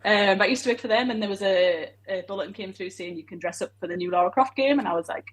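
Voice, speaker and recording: A woman's voice: mid-range voice, fast. A woman with a North East English accent, a guest on a podcast, talking modestly about her hobby in casual chat. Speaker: guest cosplayer.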